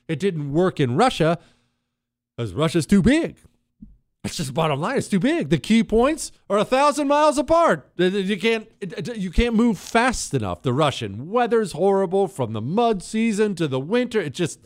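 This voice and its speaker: Animated male talk radio host. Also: on the high side, no room sound, studio quality. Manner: animated, emphatic storytelling with sudden pace shifts. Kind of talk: casual talk radio monologue.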